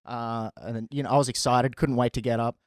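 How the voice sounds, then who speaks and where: Male comic, animated storyteller, dry close sound. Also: medium pitch, brisk, no echo. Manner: animated, laughs often while telling. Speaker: stand-up comedian. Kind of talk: casual storytelling.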